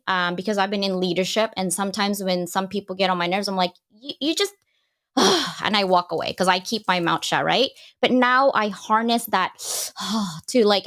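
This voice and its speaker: A woman talking as a guest on a live panel chat, animated and emphatic, a little self-deprecating. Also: mid-range voice.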